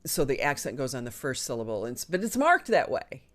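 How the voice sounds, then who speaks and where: A woman hosting a live online show, chatting casually and enthusiastically with frequent ums and a lively, swinging delivery. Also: very deep voice, brisk. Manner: chatty and enthusiastic, talks with her hands in the air of her voice, frequent ums. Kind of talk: casual live-stream chat.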